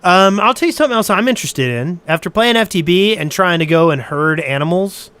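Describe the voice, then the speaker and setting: A man's voice, somewhat high and notably smooth and resonant, co-hosting a podcast. He tells a story in casual chat and rambles with frequent restarts. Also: animated, fairly quick, a bit bright.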